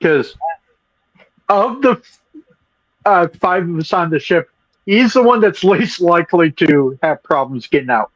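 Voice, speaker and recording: Give me a lively man chatting at a tabletop game, in a dull, dry recording. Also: high-pitched, a little slow, long pauses, no echo. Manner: explaining his character's choices. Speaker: player. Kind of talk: casual tabletop game chat.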